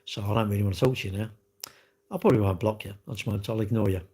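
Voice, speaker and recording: A man's voice: lowish voice, rapid-fire, a little mellow, slightly rough. A man on a live stream, answering chat comments bluntly in a rambling way, full of restarts and rhetorical questions.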